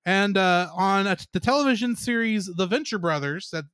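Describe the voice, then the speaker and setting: A man's voice: sits high, lively intonation, normal speed, fairly bright tone, smooth, dry recording, studio quality. A man co-hosting a casual podcast review, chatty and giggling often as he runs through the cast. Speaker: podcast co-host.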